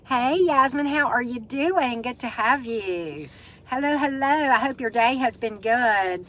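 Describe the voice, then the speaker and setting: A woman's voice: a little high, lively intonation, measured pace, fairly bright tone, low-quality recording. A middle-aged woman with a Southern US accent hosts a casual live-stream chat, greeting viewers by name and using lots of fillers. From Southern United States.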